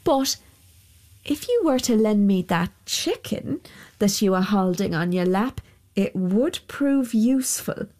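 A woman voicing a sly, smooth-talking soldier who wheedles and flatters. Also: medium pitch, slow pace. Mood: wheedling.

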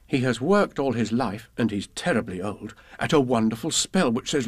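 A man reading children's poems and a storybook aloud in a gentle, expressive way. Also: mid-range voice, normal speed, few pauses, slightly rough, dry recording. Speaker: reader.

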